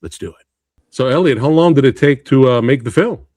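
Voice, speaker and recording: A young man hosting a podcast interview in casual chat, excitable and quick to laugh. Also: mid-range voice, dry recording, studio quality. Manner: excitable, laughs often, calls guest bro and dude. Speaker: podcast host.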